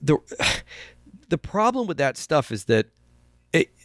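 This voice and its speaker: A man hosting a casual podcast chat, talking haltingly with frequent restarts and sighs. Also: fairly high pitch, very animated, a bit bright, dry recording, studio quality. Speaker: podcast host.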